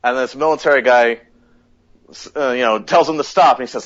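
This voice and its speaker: A man hosting a casual podcast chat, retelling a story with lively acted-out quotes. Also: medium pitch, fairly quick. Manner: animated retelling, acts out quotes. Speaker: podcast host. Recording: dull lo-fi podcast audio.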